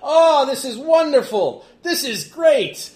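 A man doing a loud gleeful young thug. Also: a little high, animated, normal speed, close to an everyday voice. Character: brash menacing young male thug, bloodthirsty. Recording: echoey room.

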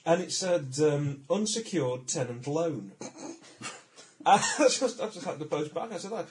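A man's voice: fairly high pitch, expressive, normal speed, noisy background. A man playing in a tabletop game, telling jokes in casual chat. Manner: joking, playful. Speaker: player. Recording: crowd chatter behind.

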